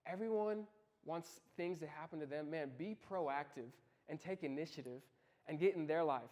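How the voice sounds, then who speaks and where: A young man giving a casual youth sermon, telling lively stories and asking his listeners direct questions. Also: a little high, normal speed. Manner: lively storytelling, talks straight to the listeners. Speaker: youth ministry speaker.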